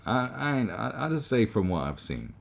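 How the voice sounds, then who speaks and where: A man's voice: medium pitch, very animated, normal speed, vocal fry, a little hiss or hum. A man delivering a sarcastic, rambling comedic monologue as the host of a commentary channel, with frequent restarts.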